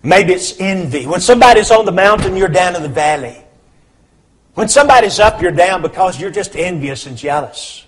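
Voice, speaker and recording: Male preacher, sermon, high voice, husky tone, hushed-to-loud dramatic delivery. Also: lively intonation, normal speed.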